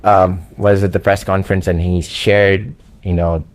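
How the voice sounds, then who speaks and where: A man with an accent telling his story to a coach in an earnest, halting conversational way, with frequent fillers. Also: low voice, little pitch movement. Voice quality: speaks with an accent. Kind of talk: casual conversation.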